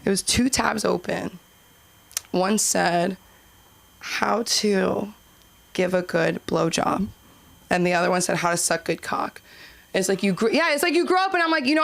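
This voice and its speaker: A woman's voice: medium pitch, gravelly, fairly bright tone. Young woman, comedy club host, rambling stand-up, giggly, lots of likes and restarts. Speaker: open mic host.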